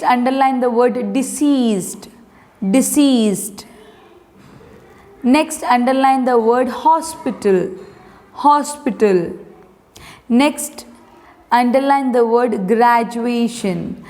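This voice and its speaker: Indian English woman teacher, higher voice, slow repetitive dictation for young pupils, reverberant room. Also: a little mellow. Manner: slow, deliberate dictation, repeating each word. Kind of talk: reading a textbook lesson aloud to children.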